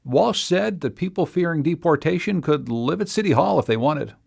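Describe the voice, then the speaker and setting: A man's voice: a little high, lively intonation, moderate pace, creaky, a little mellow. A man reading scripted radio segment links as host.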